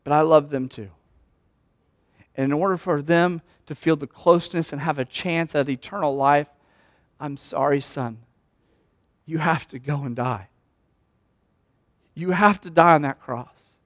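A man voicing God as a grave, loving father who speaks softly and solemnly. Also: fairly high pitch, measured pace, long pauses, no echo, studio quality, natural voice.

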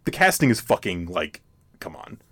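Brief: male podcast host, lively pitch swings, rambling casual chat. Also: normal speed, slightly rough. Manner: rambling, lots of restarts and fillers, laughs often.

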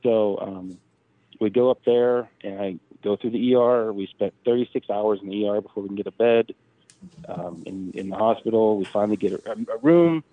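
Man, 30s, low voice, dry phone-line sound, animated storytelling, quotes people as he goes. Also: normal speed, dry recording. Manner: animated retelling, acting out quoted dialogue. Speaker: podcast guest, drag racer. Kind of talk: casual storytelling.

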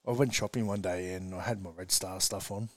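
A man's voice: sits low, fairly quick. A man from Western Sydney with an Australian accent, a rugby league coach telling stories in a casual interview and calling everyone "mate". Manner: chatty, says "mate" constantly, animated storyteller.

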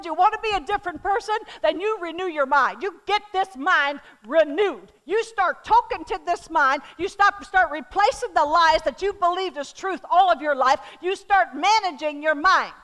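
A middle-aged woman preaching a sermon, swinging from loud calls to the crowd down to soft, hushed words. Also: very high voice, moderate pace. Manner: animated, shifting from loud calls to soft near-whispers.

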